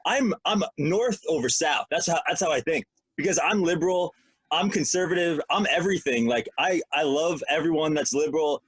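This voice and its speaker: A man's voice: fairly high pitch, normal speed, breathy edge, no room sound. A man co-hosting a podcast in casual chat, rambling and joking as he talks. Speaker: podcast co-host.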